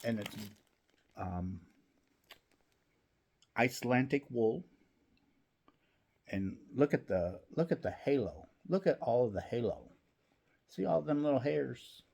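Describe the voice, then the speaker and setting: A man's voice: medium pitch, animated, takes it slowly, vocal fry, long pauses, darkish tone. A man hosting a knitting channel, chatting casually from home while he knits, rambling with many restarts.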